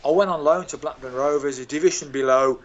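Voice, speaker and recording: Older guy from birmingham telling funny self-deprecating stories, kinda high voice, muffled call audio. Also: fast, a little hiss or hum. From England, Birmingham. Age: 60s. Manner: animated, self-mocking anecdotes. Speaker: guest, former footballer. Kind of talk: storytelling interview.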